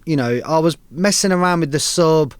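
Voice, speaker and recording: A man's voice: fairly high pitch, normal speed, smooth, no room sound. A man casually hosting a live stream, giving laid-back, enthusiastic feedback on music tracks with plenty of slang.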